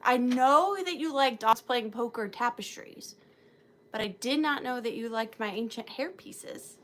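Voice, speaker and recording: A woman's voice: fairly high pitch, measured pace, fairly bright tone, slight background noise. A woman hosting an antique and vintage live sale, chatting casually and greeting viewers by name in a chatty, self-deprecating way.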